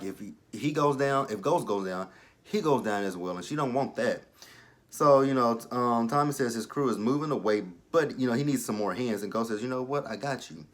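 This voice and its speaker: A young man casually recapping a TV episode, blunt and profane, with exasperated asides and frequent restarts. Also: fairly low pitch. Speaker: show recapper.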